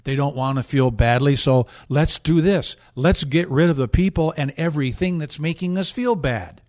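A man delivers pointed political commentary, his voice sitting a little higher than most men's. He is sarcastic and indignant, hammering points home through repetition. He often restarts and circles back mid-sentence. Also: normal speed, a little mellow. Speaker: talk show host.

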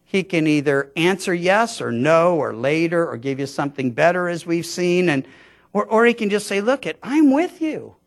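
A pastor teaches verse by verse through the Bible in a conversational sermon, frequently stammering and restarting his sentences. His voice is a little high with lively intonation at a normal speed.

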